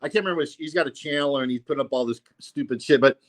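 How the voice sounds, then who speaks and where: A man's voice: medium pitch, racing. A man hosting a casual livestream, rambling and profane, full of "you know, man.". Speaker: livestream host.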